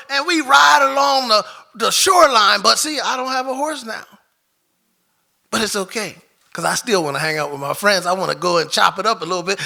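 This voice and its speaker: A man telling a personal story live on stage into a microphone, animated, swinging from loud outbursts to hushed moments. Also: high voice, creaky. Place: stage before an audience.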